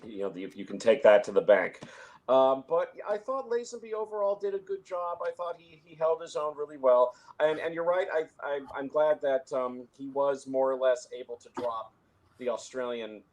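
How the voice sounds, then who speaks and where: A man's voice: medium pitch, lively intonation, normal speed, a little mellow. Rambling man in casual film talk. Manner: rambling, many restarts, chuckles. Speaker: film discussion panelist. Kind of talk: casual conversation.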